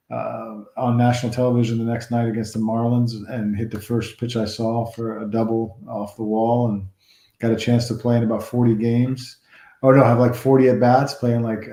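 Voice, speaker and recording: Man, forties, ex-player guest, mellow dark tone, echoey room, rambling animated storytelling. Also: medium pitch. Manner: rambling, animated anecdotes with restarts. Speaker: former baseball player, guest. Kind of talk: storytelling interview.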